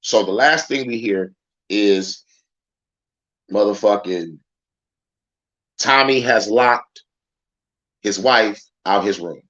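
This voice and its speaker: A man's voice: fairly low pitch, slow, pauses often, fairly bright tone, highs cut off. A man hosting a casual livestream, ranting and rambling in heated, profane commentary. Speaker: livestream host. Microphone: phone.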